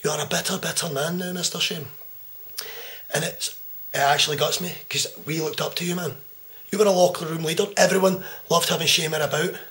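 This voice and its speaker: A Scottish man in his twenties cutting a profane, taunting wrestling promo that swings between loud jabs and hushed menace. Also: a little high, steady tone, brisk. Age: 20s. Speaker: pro wrestler. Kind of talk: trash-talk wrestling promo.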